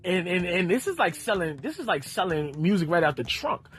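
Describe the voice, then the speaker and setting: A man's voice: sits high, big pitch swings, a little fast, a bit bright. A man co-hosting a podcast, talking in a casual, joking and emphatic way and often cutting in. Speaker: podcast co-host. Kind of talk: casual chat.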